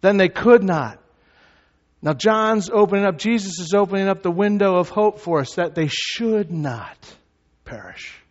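Man preaching in a reverberant hall. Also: expressive. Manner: builds from low, measured teaching to loud shouted emphasis. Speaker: pastor. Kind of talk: sermon. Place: church sanctuary. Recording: reverberant hall, slightly dull sound.

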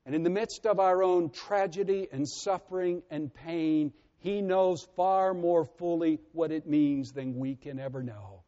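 A man preaching a sermon as pastor, earnest and measured, often letting his voice sink softly at the ends of phrases. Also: a little high. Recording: muffled with long reverb.

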